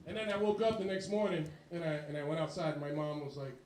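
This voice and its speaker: A man doing a stand-up comedy set in a bar, telling crude stories and acting out loud voices. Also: fairly high pitch, quick pace, roomy sound, a little hiss or hum. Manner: crude, rambling storytelling with loud acted-out voices. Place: bar stage before a live audience.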